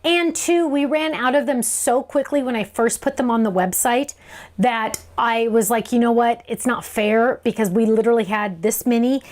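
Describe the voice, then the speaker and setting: A woman's voice: a little high, normal speed, darkish tone. A woman hosting a live craft show, answering viewer questions in a chatty, bubbly way and laughing often. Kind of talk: live stream Q&A chat.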